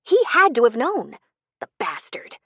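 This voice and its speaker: A woman's voice: on the high side, expressive, normal speed, dry recording, voice pushed up. A woman voicing an angry adult woman confronting a con man in an audiobook. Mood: furious. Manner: angry, demanding, rising to panicked shouts.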